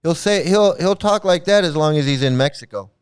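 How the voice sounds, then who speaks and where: A man's voice: on the high side, expressive, fairly quick, clean tone. A man hosting his own commentary channel, ranting and mocking with lots of repetition and swearing.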